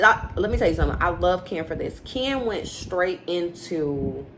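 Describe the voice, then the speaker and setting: A woman recapping a reality show in casual, opinionated chat, acting out quotes with animated inflection. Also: medium pitch, normal speed, slight background noise, rough recording.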